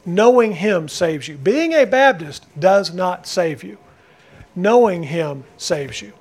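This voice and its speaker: A man's voice: high-pitched, lively intonation, takes it slowly, breathy edge. A male pastor preaching a sermon, emphatic and repetitive, putting direct questions to the congregation. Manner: emphatic, repeating key phrases, asks the congregation questions.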